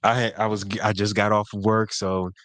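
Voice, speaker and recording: A man's voice: lowish voice, level tone, fairly quick, fairly bright tone, clean tone, no echo. Laid-back man hosting a casual podcast. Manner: laid-back, easygoing banter. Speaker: podcast co-host. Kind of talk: casual chat.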